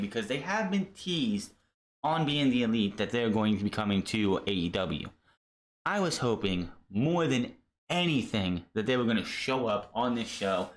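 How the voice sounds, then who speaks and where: A man hosting a wrestling podcast, ranting casually with lots of swearing and stumbling restarts over names. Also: mid-range voice.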